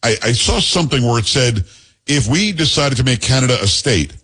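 A man's voice: mid-range voice, expressive, brisk, a bit bright, slightly rough. A man hosting a podcast, talking in a joking, rambling, teasing way. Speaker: podcast host. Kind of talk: casual podcast chat.

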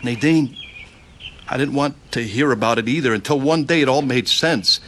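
A man narrating his own testimony with earnest, gentle sincerity and acting out the scenes. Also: medium pitch, moderate pace, a little hiss or hum.

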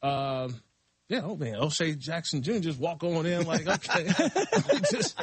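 A middle-aged man chats on a sports talk show, loose and easygoing, often laughing. His voice sits a bit high and husky. The sound is dry and close. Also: very animated, a little slow, dry recording. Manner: laid-back, laughing, talks in loose restarts. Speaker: fill-in radio show host.

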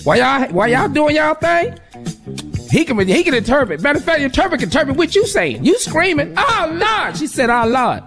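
A woman's voice: high voice, big pitch swings, fast talker, music in the background. A woman co-hosting a radio advice show, joking and teasing with a laugh in her voice. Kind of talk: casual comedic advice chat.

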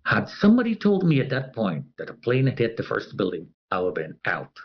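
A man's voice: on the low side, wildly swooping pitch, a little fast, muffled recording. A man telling a personal story as an interviewee. He talks animatedly and acts out the other people's voices.

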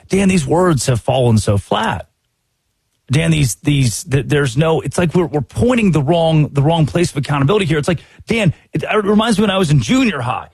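A man hosting a sports talk show, giving opinionated commentary in an animated, exasperated way and acting out quotes. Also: on the high side, brisk, husky, dry recording.

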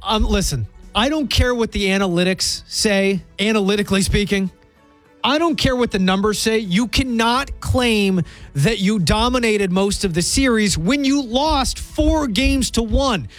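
A man's voice: sits high, measured pace, a bit bright, soft background music. A man co-hosting a sports talk show, arguing his points emphatically and with rising disbelief. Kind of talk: heated sports debate.

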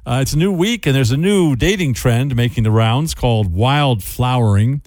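A man's voice: medium pitch, moderate pace, darkish tone, no room sound. A man hosting a radio talk segment, chatty and breaking in with joking asides. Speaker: radio host.

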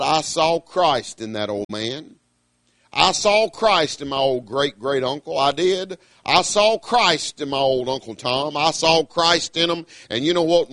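A middle-aged man, preaching a sermon emphatically, breaking into high cries of hallelujah. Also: fairly bright tone, dry recording. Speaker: pastor.

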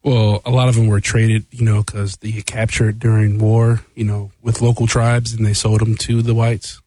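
A man's voice: lowish voice, level tone, moderate pace, warm tone, slightly rough, dry recording. A man chiming in as a radio co-host with brief, matter-of-fact remarks. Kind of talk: casual studio banter.

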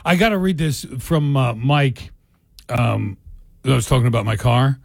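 Gravelly, lively male host chatting. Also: mid-range voice, a little slow, no echo, studio quality. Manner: playful, joking. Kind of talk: casual chat.

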